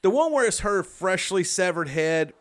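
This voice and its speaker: A man's voice: high-pitched, expressive, moderate pace. A man co-hosting a podcast, talking casually with lots of swearing and false starts. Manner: profane, rambling, frequent restarts. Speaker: podcast co-host. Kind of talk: casual chat.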